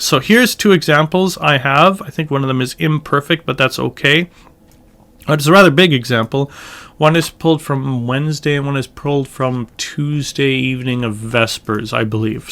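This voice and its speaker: A man teaching church chant in a relaxed lesson, explaining syllable emphasis and singing short examples. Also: fairly high pitch. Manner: thoughtful, slow, demonstrating chant phrases by singing. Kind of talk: informal music lesson with sung examples.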